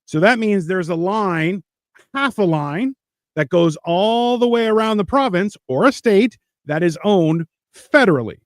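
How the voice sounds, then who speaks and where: A man's voice: high voice, animated, measured pace, dry recording. A man on a podcast, ranting in a casual, profane way and mocking others in put-on voices. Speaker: podcast co-host.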